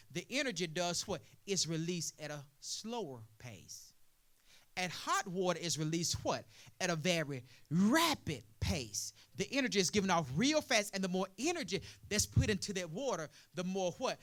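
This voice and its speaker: A male preacher giving a sermon in a call-and-response style, asking "what?" and answering himself, building from quiet explaining to loud preaching. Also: high-pitched.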